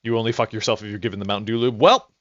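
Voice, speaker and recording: A man streaming a game with casual, rambling commentary, excitable, with restarts and swearing. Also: fairly low pitch, rapid-fire, no room sound. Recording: dull lo-fi dry mic.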